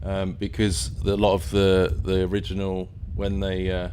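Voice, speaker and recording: An English man from near London hosts a live stream with a low, deep voice. He rambles casually, pausing on fillers and restarting sentences. Faint background noise sits under his voice. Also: monotone, a little mellow. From England, near London.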